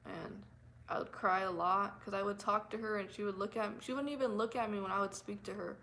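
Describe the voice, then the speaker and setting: A young woman telling a painful personal story on her vlog, emotional and halting, repeating herself with nervous laughs. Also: mid-range voice, steady tone, sharp tone, slight background noise, poor audio. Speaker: vlogger.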